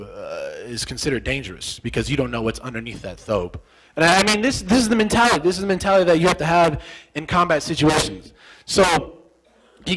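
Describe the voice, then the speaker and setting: Animated man telling a war story. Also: on the high side, husky, low-quality recording. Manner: animated, repetitive storytelling that acts out remembered dialogue. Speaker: interview guest, former soldier. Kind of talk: storytelling in a sit-down interview.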